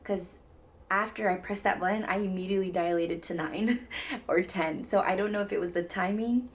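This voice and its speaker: A young woman vlogger speaks at a moderate pace in a mid-range voice. She casually tells viewers a personal story, rambling and chatty, with lots of "like" and "mind you guys."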